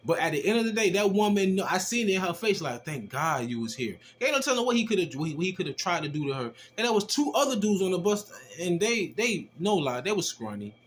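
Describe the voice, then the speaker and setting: Guy with a slightly high voice telling his testimony, slangy, swears a lot, acts out what folks said. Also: fast talker, hardly any pauses, slight background noise. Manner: animated, slangy and profane, acting out quoted exchanges. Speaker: storyteller giving a personal testimony. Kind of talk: casual storytelling testimony.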